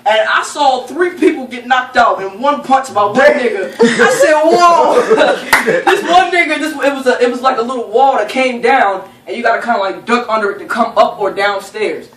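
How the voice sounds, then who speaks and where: Young woman, casual comic storytelling, animated, cursing, laughing, distant mic, roomy echo, faint noise. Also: a little high, moderate pace, hardly any pauses. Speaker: storyteller among friends. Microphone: camera held by a friend.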